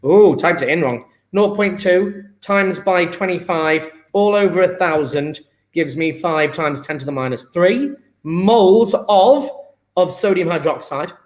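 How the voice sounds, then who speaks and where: A man teaching chemistry, working through exam questions aloud, upbeat and thinking out loud as he calculates. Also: high voice, expressive, unhurried.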